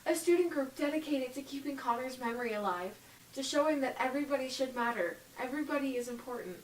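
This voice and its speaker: Woman reading awkward shy teen boy, high voice, halting, distant echoey room. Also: lively intonation, a little hiss or hum. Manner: hesitant, stumbling. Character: awkward nervous teenage boy, Evan. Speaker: audition reader.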